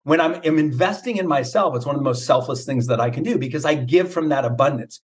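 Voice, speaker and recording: Fast and fairly high-pitched, this middle-aged man is a mindset coach guesting on a podcast. His motivational talk is casual and emphatic, built around rhetorical questions.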